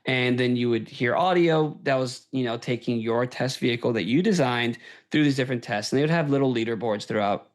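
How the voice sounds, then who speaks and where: Guy hosting a podcast, excited casual chat, keeps saying right?. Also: mid-range voice, fairly quick. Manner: enthusiastic, tags "right?" onto points. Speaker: podcast host.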